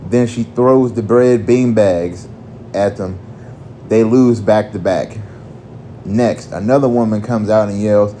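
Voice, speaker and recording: A man narrating a crude comic story in a deadpan way, also voicing a fan who gives battle commands. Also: on the low side, a little slow, a little hiss or hum.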